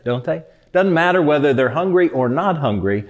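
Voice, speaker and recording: A man's voice: medium pitch, expressive, moderate pace, hardly any pauses, a little mellow. Conversational man giving a reflective talk. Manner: conversational, asks listeners rhetorical questions. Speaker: speaker.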